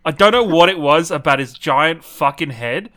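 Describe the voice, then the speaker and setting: Animated man ranting in casual chat. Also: fairly high pitch, moderate pace. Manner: animated, swears freely, rants with incredulous questions. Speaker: podcast co-host. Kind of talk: casual pop-culture chat.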